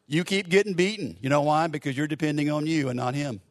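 A man's voice: on the high side, quick pace. Conversational male preacher telling a story. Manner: conversational storyteller, drops to a soft hush for quiet lines. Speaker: pastor. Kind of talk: sermon with a story and a closing prayer.

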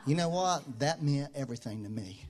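A man delivers a sermon as pastor in a conversational style. His voice sinks low and soft in reflective stretches, then rises loud and high for emphasis. He repeats key phrases to hammer them home. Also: expressive, moderate pace, background noise.

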